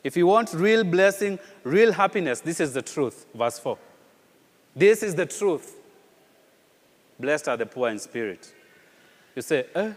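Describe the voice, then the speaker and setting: A man preaching a sermon with a slightly high voice. He repeats phrases and asks rhetorical questions with animated emphasis. His voice carries a long reverb from a church hall. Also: moderate pace. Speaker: pastor.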